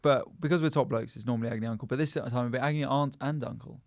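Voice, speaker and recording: Bloke hosting a podcast, teasy banter, dry close sound. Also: male voice, medium pitch, steady tone, vocal fry, dry recording. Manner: teasing, quick banter. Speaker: podcast host. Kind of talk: casual comedy podcast chat.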